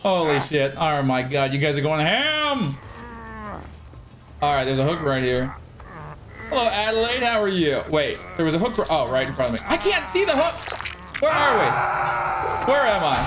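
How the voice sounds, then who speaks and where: A woman streaming a game live, excitable and trash-talking opponents while she swears and thanks her viewers. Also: deep voice, a little slow, long pauses. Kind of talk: live gameplay streaming commentary. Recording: game music playing underneath. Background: game music.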